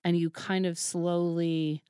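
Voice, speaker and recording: A woman's voice: lowish voice, slow, clean tone, dry recording, studio quality. A woman guest in a casual interview, telling stories with a lot of laughter and acting out the dialogue she quotes. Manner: animated, laughs often, acts out quoted dialogue. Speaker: podcast guest, burlesque troupe founder.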